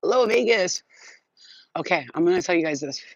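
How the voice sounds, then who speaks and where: A woman's voice: on the low side, lively intonation, brisk, a little mellow, no room sound. A woman psychic reader hosting a casual livestream, talking brashly with plenty of swearing and laughter. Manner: brash and profane, laughing often. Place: at home. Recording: dull lo-fi sound.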